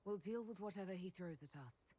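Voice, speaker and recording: A woman's voice: lowish voice, lively intonation, fairly quick, dark tone. A woman voicing an earnest young woman hero in video game dialogue, direct in tone. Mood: resolute.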